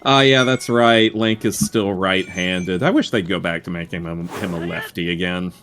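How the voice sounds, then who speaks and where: A man's voice: sits low, normal speed, a bit bright, slight background noise. A man hosting a live game stream, chatting casually, laughing often and sharing franchise trivia. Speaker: streamer host.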